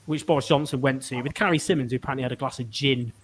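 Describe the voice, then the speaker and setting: A man's voice: medium pitch, steady tone, racing, breathy edge. A man hosting a political chat show, talking in an exasperated, rambling way with many restarts. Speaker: podcast host.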